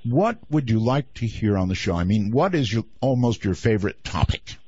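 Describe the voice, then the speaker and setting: A man hosting a late-night call-in radio show, animated and teasing with callers. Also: lowish voice, moderate pace, breathy edge, no echo. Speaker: radio host. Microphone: studio microphone. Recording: slightly dull dry studio sound.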